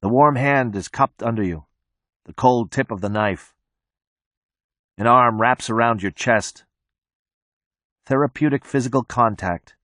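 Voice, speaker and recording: A man reading a novel aloud in the first person, with tense, measured narration on a close mic. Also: medium pitch, a bit bright, no echo. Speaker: audiobook narrator.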